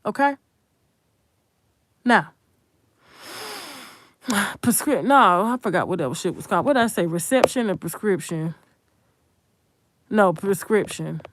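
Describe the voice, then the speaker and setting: A woman's voice: medium pitch, expressive, a little slow, long pauses. A woman, hosting an unscripted commentary monologue in a blunt, profane, emphatic way and talking straight to viewers. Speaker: commentary channel host.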